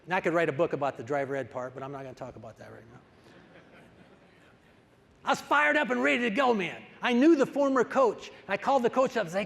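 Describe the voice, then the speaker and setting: A man's voice: high-pitched, quick pace, vocal fry. An older man, a wrestling coach, giving a storytelling speech and acting out the dialogue with energy. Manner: animated, acts out the dialogue. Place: large conference hall. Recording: reverberant hall.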